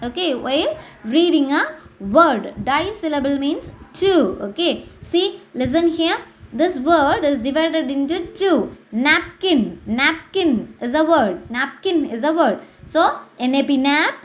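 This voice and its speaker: A woman's voice: high voice, expressive. A woman teacher with an Indian English accent, giving an English lesson to children. She repeats words and spells them out. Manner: slow, repetitive, spells out words.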